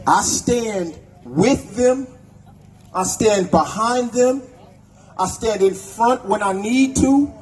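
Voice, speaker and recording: A man's voice: high voice, slow, darkish tone, rough recording. A man giving a raw, profane speech at an outdoor protest, leading the crowd in chants. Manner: angry, profane, leads chants. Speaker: protest speaker. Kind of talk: impassioned rally speech.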